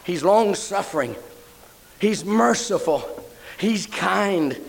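A man's voice: expressive, slow pace, gravelly, poor audio. An older man preaching a sermon, telling a story and rising into fervent praise. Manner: fervent, rising to high emotional exclamations.

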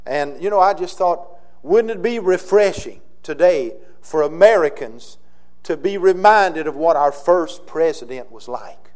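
A male pastor with a Southern US accent preaching a sermon, swinging between loud emphatic declarations and quiet, slowed phrases. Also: a little high, lively intonation.

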